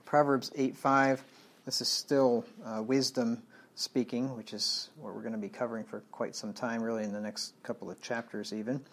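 Guy teaching a bible passage, blunt and plainspoken, mid-pitched voice. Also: steady tone, moderate pace. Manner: blunt, plain-spoken, with restarts. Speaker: preacher. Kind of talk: verse-by-verse sermon.

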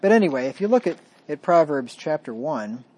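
A man delivers a sermon in a slightly high voice. He reads the verses loudly and with force, then drops to quiet, folksy asides. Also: very animated, a little fast. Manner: folksy, self-deprecating asides. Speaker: preacher. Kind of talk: sermon with scripture reading.

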